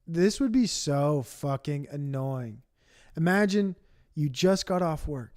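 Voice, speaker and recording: High-voiced man ranting profanely. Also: animated, slow pace, darkish tone. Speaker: streamer. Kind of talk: livestream reaction commentary.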